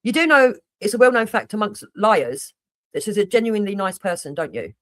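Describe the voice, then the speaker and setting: A woman's voice: mid-range voice, sing-song, a little fast, a bit bright, no room sound. A woman doing heated reaction commentary on a livestream, blunt and mocking, with heavy swearing. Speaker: livestreamer reacting to another streamer.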